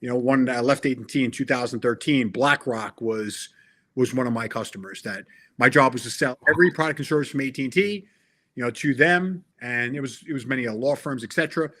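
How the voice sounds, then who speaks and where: A man's voice: mid-range voice, fairly quick, fairly bright tone. A middle-aged man talking in a casual interview as a guest, earnest and emphatic, often restarting his sentences. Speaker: interview guest, tech sales veteran.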